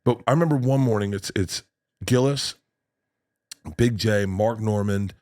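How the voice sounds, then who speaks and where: A male comedian guest telling a profane, animated story on a podcast. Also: fairly low pitch. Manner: animated, swearing, quick storytelling with restarts.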